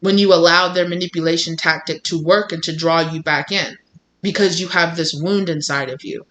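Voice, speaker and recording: Tarot reader ranting at the camera, blunt, swears a bit, bright tense voice, keeps repeating stuff for emphasis. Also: mid-range voice, fairly even intonation, moderate pace. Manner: blunt and emphatic, repeats phrases, acts out what others say; swears casually. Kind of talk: tarot reading, direct address to viewers.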